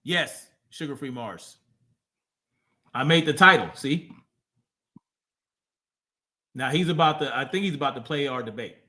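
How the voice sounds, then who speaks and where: A man's voice: mid-range voice, lively intonation, unhurried, pauses often, sharp tone. A man hosting a livestream, reacting to a clip with profane, mocking casual commentary. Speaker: livestream host.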